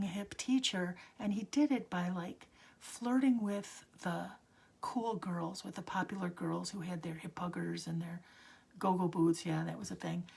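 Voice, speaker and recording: A woman in her sixties telling a personal story, often sinking into a hushed whisper as she talks. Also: lowish voice. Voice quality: husky, gravelly.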